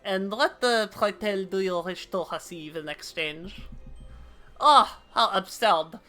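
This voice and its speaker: A woman's voice: medium pitch, slow pace, pushed and bright, soft background music. A woman voicing a disdainful aristocratic noble with a put-on French accent. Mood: haughty. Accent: mock French. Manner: snooty, disdainful.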